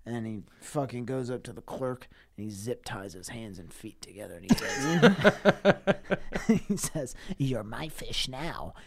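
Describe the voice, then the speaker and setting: A man's voice: medium pitch, lively intonation, unhurried, creaky, husky. A man co-hosting a comedy podcast, swearing freely as he builds a crude improvised story. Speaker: podcast co-host.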